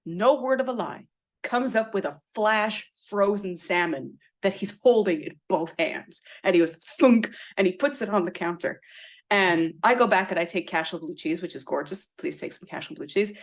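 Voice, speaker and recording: A woman from Ireland, a guest author in casual podcast chat, telling rambling, animated stories and swearing freely. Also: mid-range voice, normal speed.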